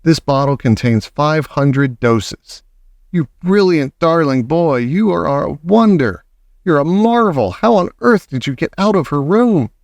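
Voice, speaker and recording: A man's voice: on the high side, animated, unhurried, gravelly, darkish tone, no echo, voice pushed up. A man reading aloud and voicing a loving, protective old grandmother who speaks fondly and dotingly. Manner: fond, doting.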